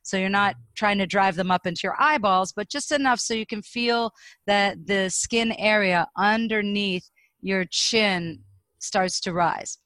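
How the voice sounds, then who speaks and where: A woman guest on a podcast, a speaking coach explaining and demonstrating vocal warm-up exercises. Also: mid-range voice, unhurried, no room sound. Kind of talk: podcast interview.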